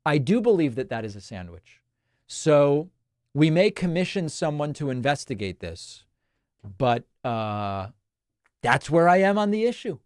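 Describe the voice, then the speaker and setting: A man's voice: a little high, measured pace, no room sound, studio quality. A male host from Argentina, chatting wryly on a livestream and reading out viewer messages. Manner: wry, chatty, animated asides.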